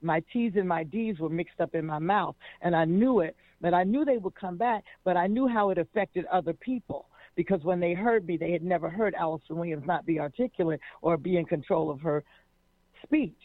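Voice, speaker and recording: A woman's voice: fairly low pitch, brisk, no echo. A woman, a jazz singer, telling personal stories expressively as an interview guest, often repeating words as she starts a thought. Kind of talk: animated personal storytelling. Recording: tinny phone-like line, dry.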